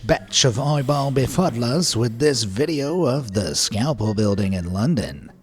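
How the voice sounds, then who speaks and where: A man's voice: mid-range voice, lively intonation, a little slow. A man narrating a scripted video, with playful, wry asides.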